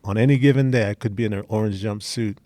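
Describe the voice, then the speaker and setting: A man's voice: on the low side, fast talker, dark tone, dry recording, studio quality. A middle-aged man telling personal stories in a casual interview, candid and blunt. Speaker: interview guest.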